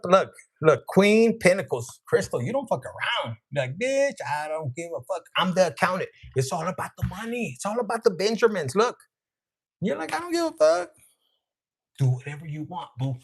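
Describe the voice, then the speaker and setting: Husky, lively man doing a tarot reading. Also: sits high. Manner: profane, joking, acts out voices; laughs often, chats to named viewers. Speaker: tarot reader. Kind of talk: live collective tarot reading.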